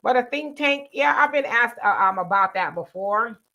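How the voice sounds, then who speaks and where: A woman's voice: fairly high pitch, animated, moderate pace, sharp tone. Casual woman reading live chat. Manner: reads viewer comments aloud and responds conversationally. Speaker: livestream co-host reading chat.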